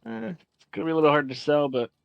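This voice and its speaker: A man voicing a practical older male guild mentor who gives quick, offhand critique. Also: on the high side, lively intonation, creaky, no room sound, lo-fi sound, pitched above the performer's own voice.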